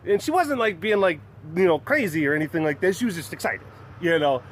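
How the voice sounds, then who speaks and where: A man hosting his own webcast tells a story in a loose, rambling way, laughing at himself as he goes. His voice sits a little higher than most men's. A faint background hum runs underneath. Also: expressive, fairly quick. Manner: rambling, self-deprecating, laughs often. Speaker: webcast host. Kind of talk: casual storytelling.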